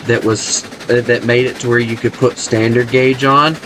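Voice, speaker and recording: This is casual gameplay chat from a gaming channel host who plays a video game at home and rambles as he talks. He has a Southern US accent and a medium-pitched voice with a flat delivery. His pace is moderate, and there's background noise.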